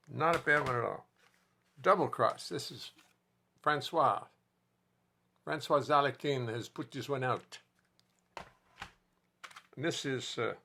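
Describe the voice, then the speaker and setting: A man's voice: mid-range voice, gravelly, bright, forceful tone, slight background noise. A man hosting a casual live stream from his home music studio, rambling and joking with viewers. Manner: rambling, chatty, jokes to viewers. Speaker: host and musician.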